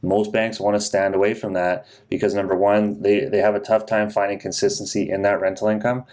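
A man with a low voice explains mortgage lending on a casual podcast. His delivery is measured and matter-of-fact, steady rather than showy. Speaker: podcast co-host, mortgage broker.

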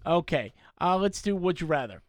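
A man's voice: a little high, sing-song, moderate pace, dry recording, clean studio sound. A man hosting a podcast in casual chat, teasing the others and leading segments. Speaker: podcast host.

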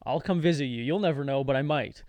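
A man's voice: mid-range voice, fast talker, darkish tone, no echo. A man co-hosting a podcast, telling a story in casual chat, sarcastic, laughing often and reading posts aloud. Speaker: podcast co-host.

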